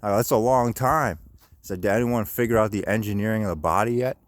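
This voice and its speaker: A middle-aged man with a lowish, brisk voice rambles through a casual monologue on his phone vlog, recorded on a handheld phone. He swears often, keeps restarting his sentences, and leans heavily on fillers.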